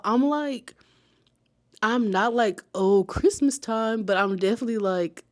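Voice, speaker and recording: A woman chatting casually to her viewers as she tells a personal story, lively and laughing often. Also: fairly low pitch. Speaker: vlogger telling a personal story.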